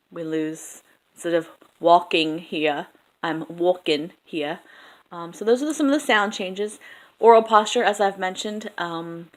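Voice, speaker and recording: Chatty woman demonstrating dialect vowels. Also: lowish voice. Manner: chatty, many ums, demonstrates vowel sounds. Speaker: drama teacher. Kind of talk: casual recorded lesson plan talk.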